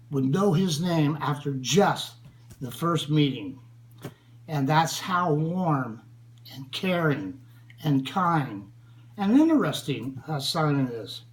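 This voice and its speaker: An older man from the United States, speaking in an earnest, grieving tribute to a friend who was killed, with long pauses. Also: a little high, rough recording. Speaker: friend speaking about a slain friend. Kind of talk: spoken tribute.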